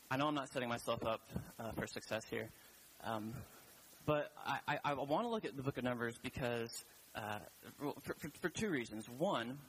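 Lockerer männlicher Prediger, stockend und plaudernd, Kirche, leises Zischen im Hintergrund. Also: male voice, medium pitch, fairly bright tone, a little hiss or hum, rough recording. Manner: casual, rambling, many fillers and restarts. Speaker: preacher. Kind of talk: sermon. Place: church.

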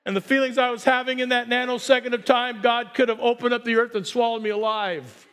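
Older male pastor, very high-pitched, excitable, joking sermon delivery. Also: clear, resonant tone.

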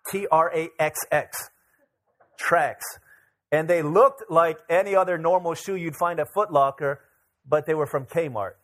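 A man's voice: a little high, a little slow. A middle-aged man, a pastor, preaching a casual sermon full of personal stories, acting out the voices of the people in them. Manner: animated, acts out voices of people in his stories. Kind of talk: storytelling sermon.

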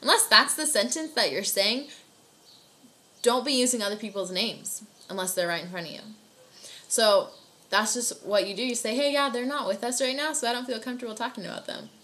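A young woman giving an earnest, encouraging devotional talk, casual and warm in manner with frequent fillers like "like". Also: fairly high pitch, brisk. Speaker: youth devotional speaker.

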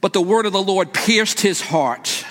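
A man's voice: sits high, unhurried, fairly bright tone, in a large hall. A man preaching a sermon to his congregation in a church, emphatic, and calling out to them. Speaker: pastor. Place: church sanctuary.

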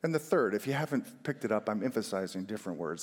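A man preaching a sermon, emphatic, stressing single words and swinging his pitch widely to make a point. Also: animated, fast talker, hardly any pauses. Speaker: pastor. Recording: long hall reverb.

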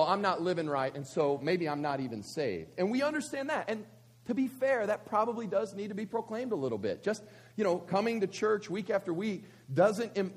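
Man, pastor, sermon, high husky voice, conversational, rhetorical questions. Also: darkish tone. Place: church service.

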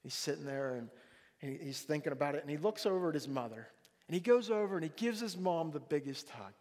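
A man preaching a sermon as a pastor, telling a family story in an animated, jokey way and acting out the dialogue. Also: a little high, brisk. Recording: long reverb of a large hall.

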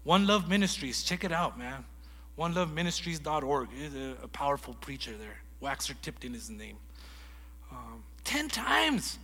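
A man preaching a sermon in a lively storytelling way, acting out conversations as he goes. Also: mid-range voice, normal speed, slightly rough, long reverb tail. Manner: animated storytelling, acts out dialogue. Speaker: guest preacher.

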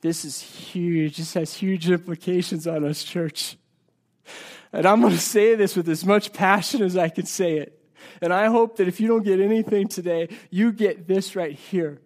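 Male pastor from the States, high voice, earnest sermon delivery with loud and hushed swings. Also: fairly even intonation. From United States. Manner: earnest, swings between loud emphasis and hushed slow passages. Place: church sanctuary.

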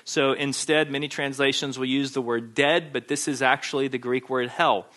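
Forceful, emphatic male preacher. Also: mid-range voice, steady tone, moderate pace. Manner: emphatic and insistent, repeating key phrases. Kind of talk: sermon.

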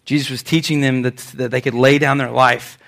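A man preaching a sermon as pastor, animated, swinging between loud and soft, acting out quotes. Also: medium pitch, a little fast, creaky.

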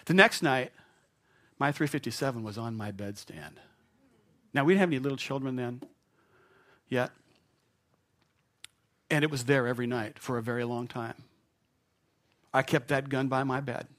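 Middle-aged male pastor, storytelling sermon, animated and self-deprecating, middle pitch. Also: normal speed, pauses often. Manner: animated, self-mocking, chuckles through his story.

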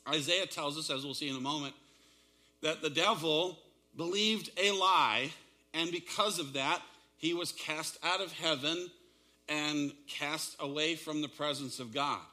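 A man's voice: fairly high pitch, measured pace, pushed and bright. A man preaching a sermon, retelling a story dramatically with shifting pace and emphasis. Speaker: pastor.

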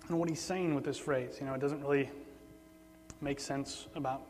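A man preaching a sermon in a relaxed, conversational way, often repeating words for emphasis. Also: medium pitch, moderate pace. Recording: long hall reverb, faint mains hum.

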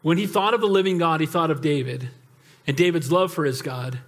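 A male pastor delivers a sermon in a noticeably high voice. He tells stories with animated asides and keeps calling out for amens. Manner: animated storytelling with calls for amen.

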